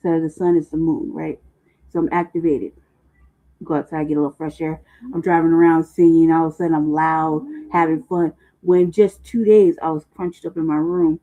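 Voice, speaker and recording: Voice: medium pitch, flat delivery, moderate pace. A livestream host in casual, rambling talk, profane and loose with slang, often laughing. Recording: muffled phone-like livestream audio.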